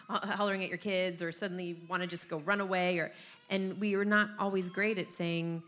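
A woman's voice: fairly low pitch, steady tone, fairly quick, fairly bright tone, a little hiss or hum. A woman co-hosting a casual parenting chat, thinking aloud in a relatable way with restarts.

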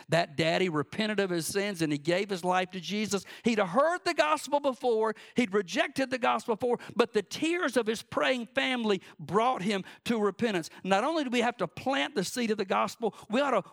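A man's voice: high voice, gravelly. A man preaching a sermon, in an impassioned, rising and falling preaching cadence. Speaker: pastor.

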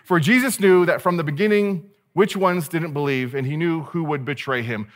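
A booming male movie narrator, grand and solemn, announcing each phrase with weight, as a preacher puts the voice on. The pitch sits a little higher than his usual voice, and the delivery is loud and stately. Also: normal speed, natural voice. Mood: dramatic.

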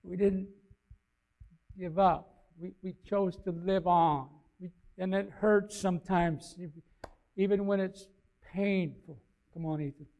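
An older man giving an informal, rambling sermon with a personal story, his folksy voice swelling loud and dropping low. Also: steady tone, takes it slowly. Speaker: lay preacher.

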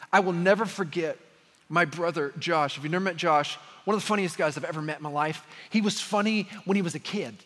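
Bright, husky-voiced young male preacher. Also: sits high, moderate pace, in a large hall. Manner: storytelling, rising to impassioned preaching. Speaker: pastor. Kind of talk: sermon.

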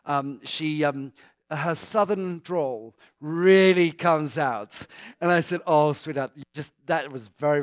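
A man's voice: a little high, a bit bright, no room sound, studio quality. A British man giving a joking, conversational church talk to a congregation and taking questions. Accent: British English. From Britain. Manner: chatty and joking, with asides to the audience. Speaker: guest speaker.

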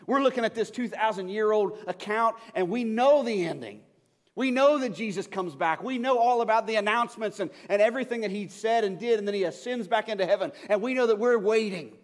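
A man preaching a sermon, telling a personal story that moves between hushed and urgent moments. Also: high voice, a little fast, in a large hall. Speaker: pastor.

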